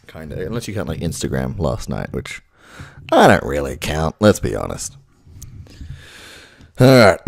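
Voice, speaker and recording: At home in a room, an impressionist YouTuber runs through a casual practice session, rambling and swearing to himself right up on a close microphone. His voice is low-pitched and a little mellow, with vocal fry and no echo.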